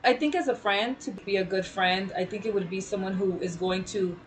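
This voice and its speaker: A woman's voice: mid-range voice, a little fast, slight background noise, poor audio. A woman co-hosting a casual chat, telling her own story with feeling and animation. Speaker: podcast co-host.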